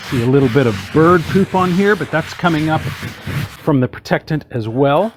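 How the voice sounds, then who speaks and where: Chatty guy walking through a diy tutorial, cracks jokes, voice a bit on the high side. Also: expressive, moderate pace, a little hiss or hum. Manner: chatty, folksy, joking asides. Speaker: hot tub channel host. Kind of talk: casual how-to tutorial.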